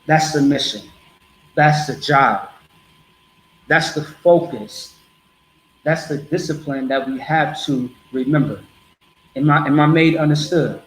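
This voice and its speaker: A man delivers a blunt, streetwise street sermon, repeating himself to drive each point home. His voice sits a little high. The recording bounces around an echoey space, with faint ambient noise underneath. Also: takes it slowly, long pauses. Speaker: street preacher. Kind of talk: street teaching to a group.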